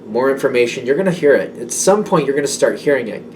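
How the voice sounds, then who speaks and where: A man's voice: mid-range voice, animated, fast talker, darkish tone, recorded from a distance, a little hiss or hum. A man giving a casual tarot reading, rambling and self-doubting, with many fillers. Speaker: tarot reader.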